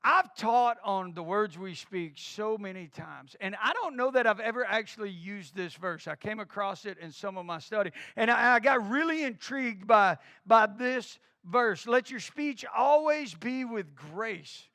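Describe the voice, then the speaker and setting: A man's voice: high voice, expressive, a little slow, hardly any pauses, sharp tone, dry recording, clean studio sound. A middle-aged man preaching a sermon as a pastor, who drives his point home with repeated rhetorical questions.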